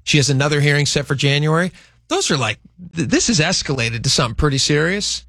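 Gravelly man in casual news chat. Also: a little high, bright, forceful tone, no echo, clean studio sound. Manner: conversational, thinks aloud, reads a statement aloud slowly.

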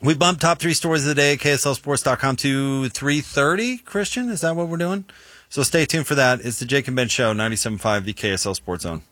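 A man's voice: medium pitch, fairly quick, a bit bright, dry recording. A man hosting a sports radio show who chats in a casual, joking, conversational way.

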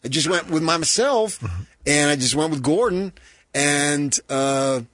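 A man hosting a sports radio show, telling animated stories and doing loud, high impressions of his mother. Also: unhurried, no room sound, studio quality. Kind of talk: casual storytelling on radio show.

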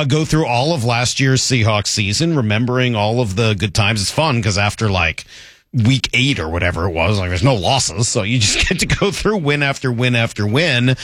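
A male sports talk host who rambles happily through football highlights and laughs often. His voice swings up and down in pitch, and the studio sound is dry and close. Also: a bit bright, dry recording.

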